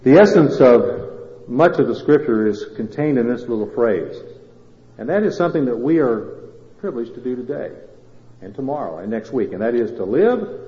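A man's voice: mid-range voice, animated, normal speed. Preacher man in an echoey church hall. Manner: swings between loud emphatic and quiet intimate phrasing, asks the congregation questions. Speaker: pastor. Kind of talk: sermon. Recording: roomy hall reverb, dull lo-fi sound.

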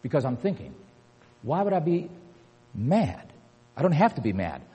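An older man preaching a sermon with emphasis, repeating key words and building to forceful peaks. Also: on the high side, wildly swooping pitch, moderate pace, husky, muffled recording. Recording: long hall reverb.

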